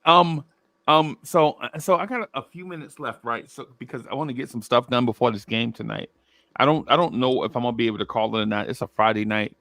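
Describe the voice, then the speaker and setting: A man's voice: medium pitch, fairly quick, creaky, fairly bright tone, no room sound, clean studio sound. A man co-hosting a casual sports talk show, laid-back and talking in loose restarts. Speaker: podcast co-host.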